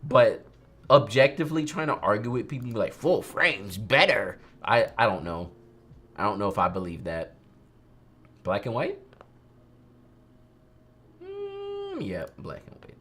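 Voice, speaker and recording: A young man talks casually over a livestream while he edits photos and teaches. He rants in an animated way and often slips into mimicking other people. His pitch sits in the middle range for a man. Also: a little slow, pauses often.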